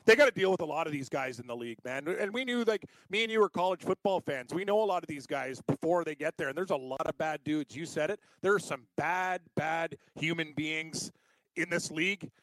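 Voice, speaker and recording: A man's voice: fairly high pitch, fairly quick, a bit bright, no echo, low-quality recording. Emphatic sports talk co-host, man. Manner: emphatic, repetitive, agreeing.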